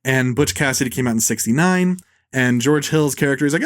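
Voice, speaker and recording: A man hosting a casual film podcast, talking bluntly, swearing freely and tossing in quick impressions of actors. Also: mid-range voice, no echo, clean studio sound. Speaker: podcast host. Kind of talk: casual film review chat.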